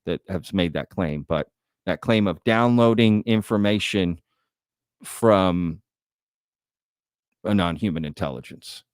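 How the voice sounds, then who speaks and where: A man's voice: low voice, slow, long pauses, clear, resonant tone, no room sound, clean studio sound. A man from Texas hosting a live-stream news show, chatting casually and reading out viewers' messages in a folksy way. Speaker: host.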